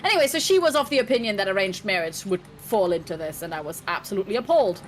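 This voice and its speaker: A woman's voice: medium pitch, lively intonation, racing, faint music behind. A woman in her twenties chatting casually on a stream, blunt and ranting, swearing freely. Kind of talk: casual chat.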